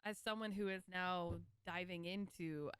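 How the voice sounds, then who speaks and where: Southern-raised woman, faint accent, smooth voice, dry close mic, talkative. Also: on the low side, steady tone, measured pace, a bit bright, no echo. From American South. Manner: talkative, explains with asides and little laughs. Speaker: podcast guest, vet tech. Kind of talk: casual podcast chat.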